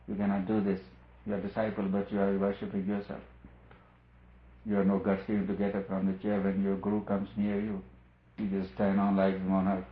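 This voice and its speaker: A man with a fairly low voice delivers a spiritual discourse as a teacher, measured and emphatic, repeating his points again and again. The sound is thin and phone-like, with a roomy echo around him. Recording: echoey room, phone-like lo-fi sound.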